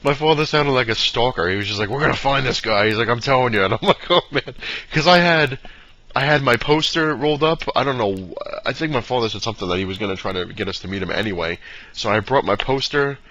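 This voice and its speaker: A medium-pitched man with a sharp, animated delivery talks quickly as he rambles through a long story from his life, using lots of fillers. He's a vlogger who drops into little impressions, quoting his dad in imitation. The recording is lo-fi, dull and faintly noisy.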